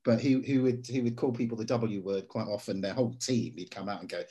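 A man, an actor being interviewed, telling stories in a lively way and slipping into voices for quotes. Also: fairly low pitch, fairly quick, few pauses. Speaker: actor guest. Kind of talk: casual interview.

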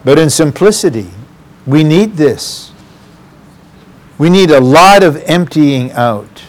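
A man's voice: on the high side, animated, takes it slowly. A man preaching a sermon, earnest and addressing the congregation directly.

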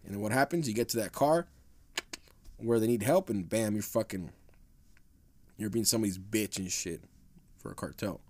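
A man's voice: lowish voice, moderate pace, pauses often, a little mellow. Profane laid-back male podcast host. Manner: profane, rambling, laid-back with frequent restarts. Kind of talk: casual storytelling podcast.

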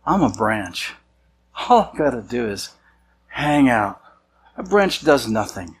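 A man's voice: medium pitch, animated, slow, slightly rough, low-quality recording. A man, a senior church leader, preaching a sermon in a casual, conversational way, sometimes acting out the voices of people he quotes. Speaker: pastor.

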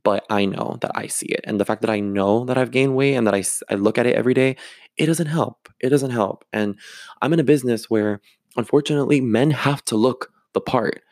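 A man's voice: medium pitch, quick pace, a little mellow, dry recording. A young man talking candidly in a rambling confessional vlog, with many fillers and restarts, at times close to tears. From Florida. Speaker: actor and vlogger.

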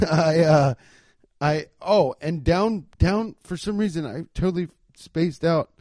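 A young man with a slightly high voice hosts a podcast, spinning a profane, animated story. He rants and acts out each quoted line. The recording is dry and close, with no room sound. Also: unhurried, dry recording. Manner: profane, animated, ranting retelling with quoted dialogue. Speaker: comedian podcast host. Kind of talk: casual storytelling monologue.

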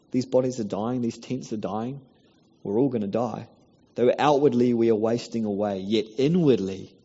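A man preaching a sermon in a church, earnest and pleading, building to loud encouragement. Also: fairly low pitch, slightly rough. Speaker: pastor. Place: church hall. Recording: dull recording in a reverberant hall.

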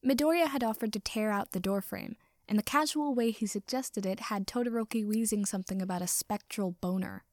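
A woman reading a story aloud with wry, even storytelling. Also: mid-range voice, fairly quick, few pauses, dry recording, studio quality. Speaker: reader. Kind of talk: fan fiction reading.

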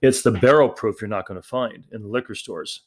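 A man's voice: fairly low pitch, brisk. A man hosting a podcast on his own, talking in a rambling, chatty way with lots of fillers and restarts. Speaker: podcast host. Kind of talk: casual solo podcast talk.

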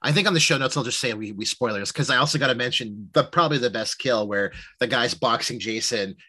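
A man hosting a movie podcast, talking casually and quickly, swearing freely and joking with his co-host. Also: medium pitch, bright, forceful tone, slightly rough. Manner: fast, swears, laughs along.

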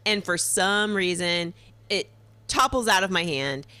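A woman in her thirties, a podcast guest, telling a story in casual chat with animated, laughing delivery. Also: fairly low pitch, measured pace, dry recording.

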